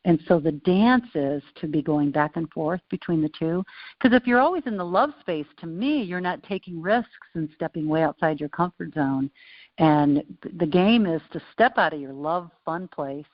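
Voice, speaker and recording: Low-voiced, animated woman guest. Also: moderate pace, no room sound. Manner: animated, playful storyteller. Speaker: interview guest. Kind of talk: casual interview conversation. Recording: dull lo-fi sound.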